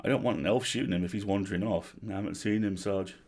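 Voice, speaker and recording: A man voicing an eager male goblin soldier who talks fast and excitedly, pitched above his narration. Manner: excited, breathless, higher than the narration.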